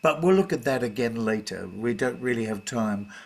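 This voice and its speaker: A man leading a teacher-training workshop, explaining in a measured way with frequent fillers and restarts. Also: medium pitch, expressive, vocal fry, a little mellow. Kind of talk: online workshop talk.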